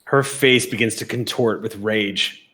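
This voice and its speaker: A man's voice: fairly low pitch, fairly even intonation, unhurried, bright, forceful tone. A man narrating a tabletop role-play as game master, setting scenes in vivid, cinematic detail.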